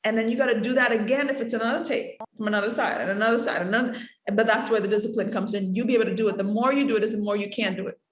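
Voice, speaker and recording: Woman, acting teacher, high voice, lively, echoey room sound. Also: racing. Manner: lively, acts out examples with laughter. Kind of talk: online acting workshop Q&A.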